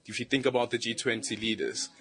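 A man's voice: mid-range voice, steady tone, fast talker, a bit bright. A man, a government official, answering a news interviewer about tourism in an upbeat, promotional way. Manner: upbeat, promotional, fluent with fillers.

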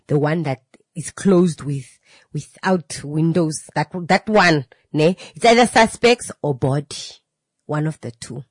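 Animated woman telling a story. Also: fairly low pitch, dry recording. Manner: animated, repetitive, with filler words. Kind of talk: casual storytelling.

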